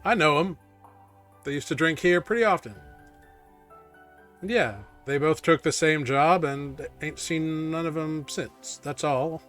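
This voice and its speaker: A man's voice: fairly high pitch, a little slow, a bit bright, soft background music. Male player voicing a wary, curt barkeep for a tabletop game. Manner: curt, folksy. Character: gruff wary male tavern keeper.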